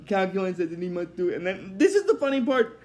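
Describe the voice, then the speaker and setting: A man's voice: sits high, sing-song, fast, a little mellow. A man casually recapping a cartoon episode, rambling and hesitant with many fillers, apologizing when he drifts.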